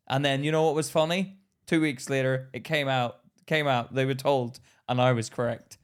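A man in his thirties co-hosting a casual podcast chat, an animated storyteller who acts out heated quotes loudly. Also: medium pitch, moderate pace, few pauses, clean tone. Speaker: podcast co-host.

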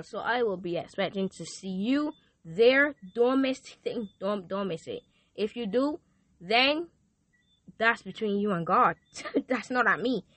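A young woman hosts a faith podcast for teenagers. Her voice is sharp and bright, and her delivery is lively and a little preachy. The sound is dry and close, with no room echo. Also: mid-range voice. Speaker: youth podcast host. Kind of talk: casual podcast chat with prayer.

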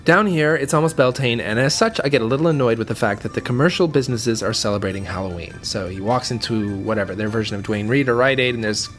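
Irreverent woman co-host, extremely deep voice, faint music bed. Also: quick pace, few pauses. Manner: irreverent, joking, swears freely. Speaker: podcast co-host reading listener emails. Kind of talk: casual chat.

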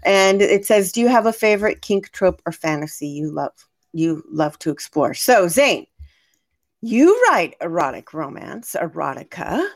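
A woman's voice: on the low side, sing-song, unhurried. A woman hosting a podcast, chatting casually and teasing her guest with giggly questions. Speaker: podcast host. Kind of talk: casual chat.

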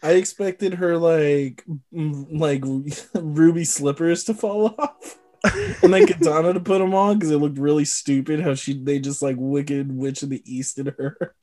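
Co-host, mellow warm tone, casual movie-review chat, giggly, mocking, blunt. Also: medium pitch, steady tone, unhurried. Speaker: podcast co-host.

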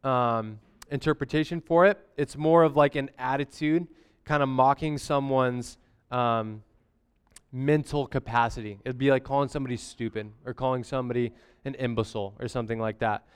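A young man preaches in a relaxed, conversational way, dropping in slang and asking "amen?" now and then. His voice is smooth and resonant, at a middling pitch for a man. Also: normal speed. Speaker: pastor. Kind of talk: casual sermon.

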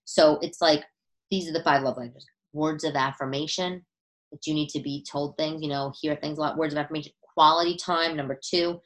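A woman hosting a podcast, talking in an animated, chatty way with frequent restarts. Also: low voice, fairly quick, low-quality recording. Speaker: podcast host. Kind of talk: casual chat. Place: living room.

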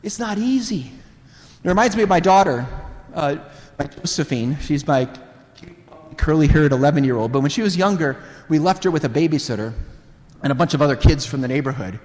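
A man preaching a sermon, telling animated family stories and laughing often. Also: a little high, fairly quick. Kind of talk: sermon storytelling. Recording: reverberant hall.

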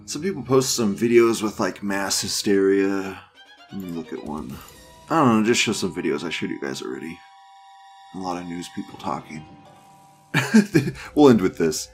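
A low-voiced man hosts a loose online commentary show, reading posts aloud and mocking them with frequent laughs. Faint music runs under his voice. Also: big pitch swings, normal speed, long pauses. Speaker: host. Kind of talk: casual online news commentary.

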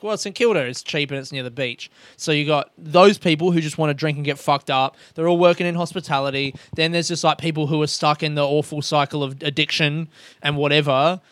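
Rambling, swearing comic. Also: male voice, on the high side, fairly bright tone, clear, resonant tone, dry recording. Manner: rambling, self-mocking, swears a lot, acts out dialogue. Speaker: stand-up comedian, podcast host. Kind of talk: casual storytelling monologue.

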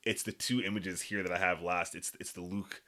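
Excitable man with a bright, low voice. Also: brisk. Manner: enthusiastic, excitable. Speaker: podcast co-host. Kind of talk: casual chat.

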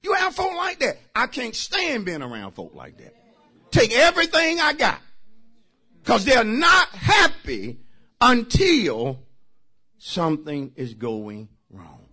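A man preaching a sermon as pastor, emphatic and talking straight to his congregation, bursting into shouts. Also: extremely high pitch, wildly swooping pitch, slow pace, slightly rough. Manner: talks directly to the congregation.

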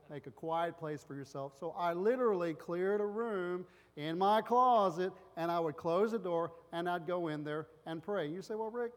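A male pastor giving a sermon full of personal stories. He rambles and loses his place, acting out loud family voices along the way. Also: a little high, big-room sound.

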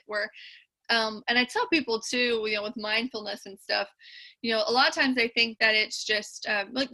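Bright-voiced woman guest explaining earnestly. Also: on the high side. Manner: earnest, explanatory, many fillers. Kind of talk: casual conversational interview.

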